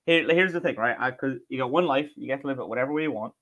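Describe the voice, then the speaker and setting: A man's voice: mid-range voice, fast, fairly bright tone. A man co-hosting a casual podcast chat, blunt and swearing casually. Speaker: podcast co-host.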